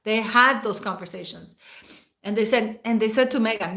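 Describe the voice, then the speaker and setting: A woman's voice: fairly high pitch, normal speed, pushed and bright. A woman hosting a casual livestream, rambling and emotional as she thanks viewers by name. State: near tears at times. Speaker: livestream host.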